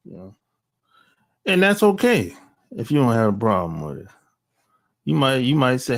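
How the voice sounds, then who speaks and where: A man's voice: mid-range voice, very animated, normal speed, gravelly, pauses often. A man talking straight into his phone, blunt and slangy, with mocking asides. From United States. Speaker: vlogger. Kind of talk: casual opinion monologue. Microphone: cell phone.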